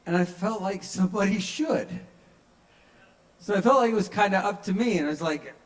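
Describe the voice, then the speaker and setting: A man's voice: sits high, normal speed, low-quality recording. Chatty male stand-up storyteller. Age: under 45. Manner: conversational storytelling, acts out quoted voices. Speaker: open mic comedian. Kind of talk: stand-up comedy set. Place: small kava bar at an open mic.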